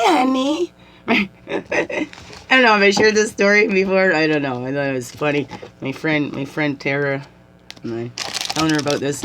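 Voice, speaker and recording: A woman's voice: deep voice, background noise. A middle-aged woman, a self-styled medicine woman, chatting to camera in a rambling, giggly way and laughing often. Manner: giggly, animated storytelling with frequent laughter. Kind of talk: rambling casual chat to camera.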